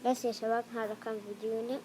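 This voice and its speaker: A woman hosting a reaction video, chatting in fast, quiet asides. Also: on the high side, little pitch movement. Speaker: host reacting to clips. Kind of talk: casual commentary.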